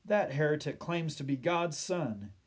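A man's voice: fairly high pitch, animated, measured pace, breathy edge, voice pushed up. A man voicing an angry old man in a crowd who snarls accusations. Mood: hostile.

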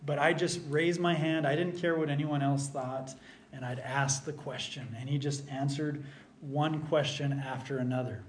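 Middle-aged pastor with a slightly raised pitch. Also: male voice, slight background noise. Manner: earnest, folksy storytelling with self-deprecating asides. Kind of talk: conversational sermon with personal stories.

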